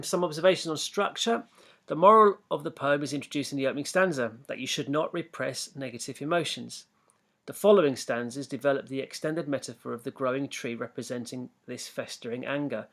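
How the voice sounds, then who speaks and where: A man teaching an exam-focused poetry lesson, explaining in a measured, methodical way with fillers and restarts, and reading poem lines slowly. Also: mid-range voice, creaky, fairly bright tone. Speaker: English literature teacher.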